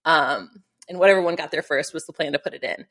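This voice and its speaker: Middle-aged woman, lowish voice, chatty storytelling, lots of "like", acts out the quotes. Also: fast. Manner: animated, acts out quotes, many fillers. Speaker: rally competitor. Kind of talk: storytelling in an interview.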